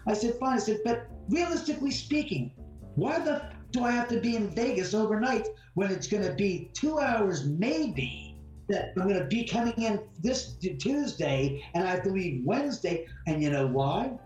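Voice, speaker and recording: Interviewed as a guest, a homeowner speaks at normal speed in a high, slightly mellow voice with big pitch swings. He bluntly relates a heated story, performing the exchanges, while faint music plays behind a roomy, distant mic.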